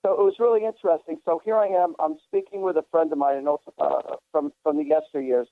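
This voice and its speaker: A man's voice: a little high, steady tone, quick pace, dry recording. A man hosting a psychic radio show, telling stories in a rambling way with many restarts. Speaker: psychic medium radio host. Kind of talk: casual radio chat. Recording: dry thin phone-line sound.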